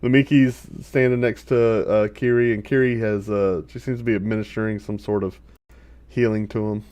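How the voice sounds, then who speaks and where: A man running a tabletop game as dungeon master, narrating in an animated way and chuckling often. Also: on the low side, normal speed, smooth, no echo, highs cut off.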